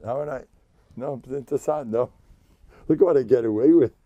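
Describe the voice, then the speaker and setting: An older man a gravelly voice, a rabbi giving an informal lecture, joking, boastful and self-mocking. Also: mid-range voice, moderate pace, mellow, no room sound, dull audio. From United States.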